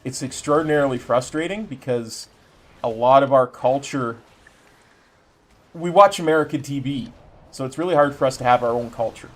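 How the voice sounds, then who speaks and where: A young Canadian man with a Canadian accent talks casually while he streams a game, wandering through his points with plenty of fillers and false starts. His voice sits at an ordinary middle pitch. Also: moderate pace. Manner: rambling, many fillers and restarts. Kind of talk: casual chat while gaming.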